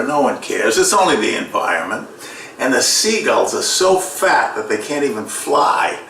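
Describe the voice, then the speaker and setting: A man with a Boston accent doing a sarcastic stand-up comedy routine. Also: mid-range voice. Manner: sarcastic, deadpan delivery with loud mock voices. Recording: echoey room, distant mic, faint noise.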